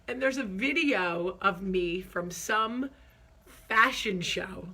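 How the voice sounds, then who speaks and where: A woman host telling a funny story in an animated, self-deprecating way, acting out the quotes. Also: medium pitch, takes it slowly. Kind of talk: comic storytelling.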